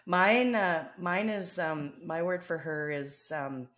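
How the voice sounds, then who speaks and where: A woman's voice: fairly low pitch, takes it slowly, fairly bright tone. A woman with a Canadian accent co-hosting a podcast in casual, teasing chat. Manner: teasing, chatty, many fillers. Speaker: co-host.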